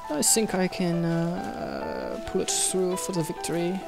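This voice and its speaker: A woman gaming streamer giving excitable gameplay commentary, with loud outbursts, swearing and jokes. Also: lowish voice, a little slow, gravelly. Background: background music.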